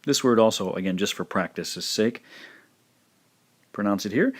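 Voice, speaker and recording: A man teaching a language lesson, demonstrating pronunciation slowly and repeating each word several times. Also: fairly low pitch. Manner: slow, careful demonstrations with repeated words. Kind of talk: scripted lesson narration.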